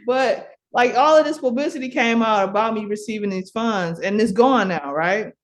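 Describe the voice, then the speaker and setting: A woman's voice: fairly high pitch, moderate pace. Middle-aged woman from milwaukee telling a story on a podcast, chatty, laughs a lot, fillers and restarts everywhere. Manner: animated, laughs often, many fillers and restarts. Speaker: podcast guest. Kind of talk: casual storytelling.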